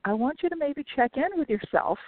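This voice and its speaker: A woman who is a business coach hosts her own solo podcast, chatting in a tongue-in-cheek way and stacking repeated words for emphasis. Her voice is high-pitched, lively, and fairly quick, with no room sound, and the dry recording has a tinny, phone-like quality.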